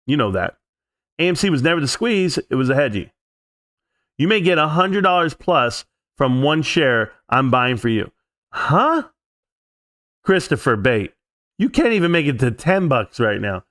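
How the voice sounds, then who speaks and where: A man's voice: mid-range voice, fairly bright tone. A man hosting a live stream, answering chat in a brash, mocking and profane way.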